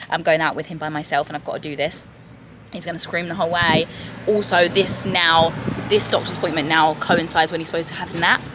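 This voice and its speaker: A woman with a low, steady voice talks fairly quickly in a candid, chatty vlog about her day as a new mum. She films first in a car, then in hospital hallways, with a noisy background.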